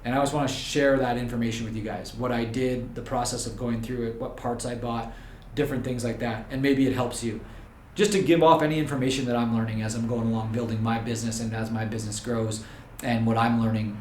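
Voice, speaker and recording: Speaking briskly in a medium-pitched, darkish voice with fairly even intonation, this vlogger and videography business owner chats to the camera. He is relaxed, rambling, and jokey. The room sounds open, and there is a bit of background noise and faint ambience.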